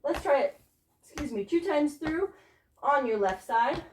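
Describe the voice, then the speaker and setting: A woman's voice: high-pitched, lively intonation, a little slow. A young woman teaching a tap dance class, counting out beats and cheering students on while out of breath. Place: dance studio. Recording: echoey room with clear noise.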